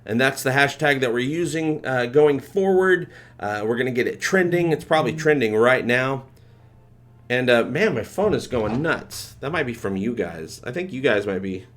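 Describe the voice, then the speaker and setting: A livestream host rambles loosely through a casual chat, sounding excited and thanking his viewers again and again. His voice sits at an ordinary middle pitch, and he talks at normal speed.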